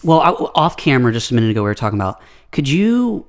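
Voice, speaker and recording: A man's voice: mid-range voice, sing-song, fast talker. Easygoing man asking interview questions. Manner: easygoing, laughs along.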